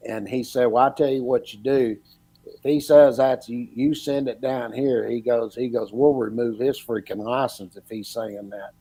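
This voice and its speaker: A man's voice: medium pitch, fairly even intonation, normal speed, mellow, breathy edge, dry recording, rough recording. A middle-aged man, telling a story in a casual, folksy way and acting out what each person said. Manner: folksy, retells dialogue with repeated "he goes" and "I said". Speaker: podcast guest, former electrical inspector.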